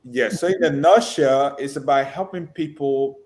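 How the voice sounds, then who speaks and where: A man's voice: a little high, normal speed, vocal fry. A man, an education nonprofit partner, telling stories emphatically in an interview. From Liberia. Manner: storytelling, emphatic, animated. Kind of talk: interview conversation.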